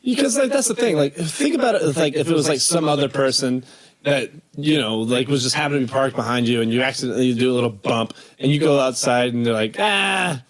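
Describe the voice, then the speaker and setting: A man's voice: mid-range voice, fast. A man in casual chat, emphatic and swearing, with crowd noise behind him.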